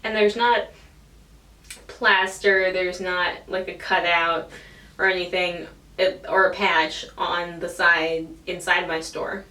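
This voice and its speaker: A woman's voice: fairly low pitch, flat delivery, slow pace, sharp tone. A woman in her twenties, a vlogger telling a casual story, swearing freely and acting out the people in it. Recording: echoey room, distant from the mic.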